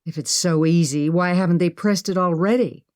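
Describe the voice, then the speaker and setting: A woman voicing a sharp-tongued, pessimistic young woman who snaps and speaks with sarcasm, in an audiobook. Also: fairly low pitch, normal speed, no room sound, clean studio sound, close to an everyday voice. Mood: sarcastic. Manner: sarcastic, snappish.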